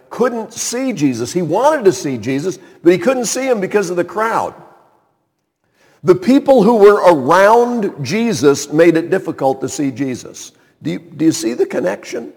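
A man's voice: medium pitch, a little mellow, slightly rough, long reverb tail. A man preaching a sermon as a pastor, earnest and building in force on key points.

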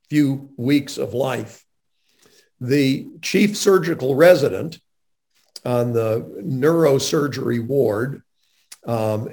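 Gravelly earnest man interviewing. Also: mid-range voice, darkish tone. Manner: earnest and emphatic, with restarts. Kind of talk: faith-based conversational interview.

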